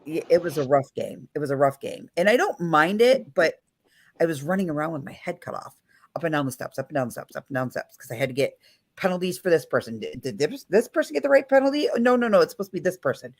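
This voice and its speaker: Woman host chatting on a late night stream, voice jumps all over, animated retelling. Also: deep voice, fast talker, no room sound, studio quality. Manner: animated, acts out quoted people. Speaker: livestream host. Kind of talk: casual storytelling chat.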